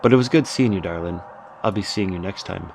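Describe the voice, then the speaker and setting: A man voicing a sultry, flirtatious woman in a horror game, with a soft, silky voice and a slight put-on Southern drawl. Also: medium pitch, vocal fry, natural voice. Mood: brisk. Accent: light put-on Southern drawl. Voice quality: soft, silky, drawn-out "darling". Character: sultry, teasing woman, flirtatious then businesslike. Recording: noisy background.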